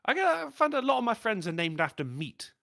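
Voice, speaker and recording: A podcast co-host with a fairly high, quick voice and some vocal fry tells pub stories in casual chat, swearing a lot and laughing often. He's an animated storyteller, and the recording is clean studio sound with no echo.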